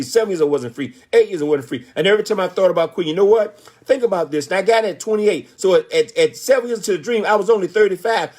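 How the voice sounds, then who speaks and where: A man in his sixties giving a motivational speech, telling his story with emphatic rhetorical questions. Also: high voice. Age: 60s. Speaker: motivational speaker.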